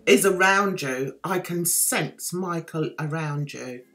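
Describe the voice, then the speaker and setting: A woman mimicking a hushed psychic. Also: low-pitched, slow, pitched below the performer's own voice. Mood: soothing. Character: soothing female psychic reading a man.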